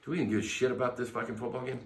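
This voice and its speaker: A man's voice: medium pitch, fairly even intonation, rapid-fire, slight background noise. A man hosting a podcast, giving brash, profane sports picks in casual talk and hyping his teams. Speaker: podcast host. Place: bar lounge. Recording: echoey room, mic at a distance.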